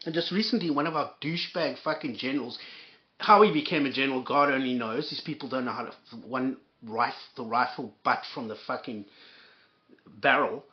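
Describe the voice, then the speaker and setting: A man ranting in an angry, profane commentary, stumbling and repeating himself as he goes. His voice is mid-pitched and comes through dull and muffled on a lo-fi recording. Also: normal speed. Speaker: commentary host.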